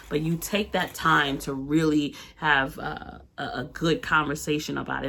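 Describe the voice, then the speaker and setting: A young woman with a low voice co-hosts a relaxed chat. She talks in a loose, chatty way, full of fillers, and laughs often. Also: a little hiss or hum. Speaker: co-host. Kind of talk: casual chat.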